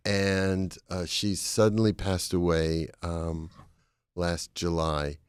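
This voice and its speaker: A man's voice: sits low, little pitch movement, slow pace, clear, resonant tone, dry recording, clean studio sound. Older Boston man telling stories. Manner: anecdotal, meandering, with comic timing. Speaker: guest comedian and author. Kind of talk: casual chat, storytelling.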